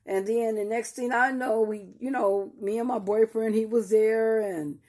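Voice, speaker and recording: A woman's voice: a little high, steady tone, measured pace, a little mellow. An older woman telling a personal story to her viewers as a grieving mother, talking straight to listeners and often restarting her sentences. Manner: talks straight to listeners, calling them y'all; repeats and restarts while recalling painful memories.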